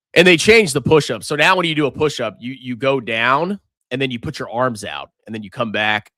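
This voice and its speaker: Lively, bright-voiced man hosting a market stream. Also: mid-range voice, dry recording. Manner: animated, jokey, reacts loudly to price moves. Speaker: finance livestream host. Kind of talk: casual market livestream.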